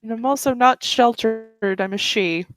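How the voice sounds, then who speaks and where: A woman's voice: a little high, normal speed, music in the background. A woman playing a tabletop game, answering with dry, teasing comebacks. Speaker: tabletop player. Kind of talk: casual tabletop role-play.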